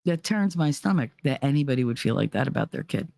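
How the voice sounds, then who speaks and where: A woman with a low-pitched voice tells her own story with blunt, profane emphasis. She sounds dry and close, with no room around her. Her delivery is heated and direct. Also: lively intonation, quick pace, gravelly, a little mellow, no room sound. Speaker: podcast host. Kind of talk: personal storytelling.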